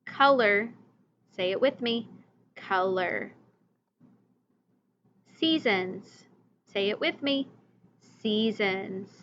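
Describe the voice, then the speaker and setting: A woman teacher giving a recorded reading lesson, slowly modeling vocabulary words and letter sounds for young children and their parents. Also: on the high side, dull audio, slight background noise.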